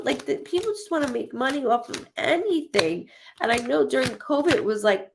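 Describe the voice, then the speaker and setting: A woman's voice: medium pitch, fairly quick, gravelly, background noise. A woman psychic chatting casually on a live stream, blunt and repetitive, swearing now and then. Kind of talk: casual live-stream chat reading viewer comments.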